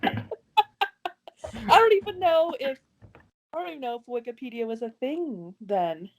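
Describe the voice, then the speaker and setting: A woman's voice: sits high, very animated, measured pace. A woman in her thirties hosting a casual interview, chatty, laughing often and restarting her sentences. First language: English. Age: 30s.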